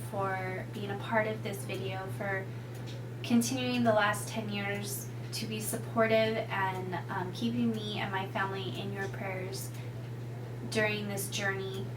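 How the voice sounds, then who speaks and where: A woman's voice: mid-range voice, little pitch movement, measured pace. Woman speaking from afar in a roomy space. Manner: heartfelt, reminiscing, laughs fondly. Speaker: widow paying tribute. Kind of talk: personal video tribute. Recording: roomy, distant mic with clear background noise.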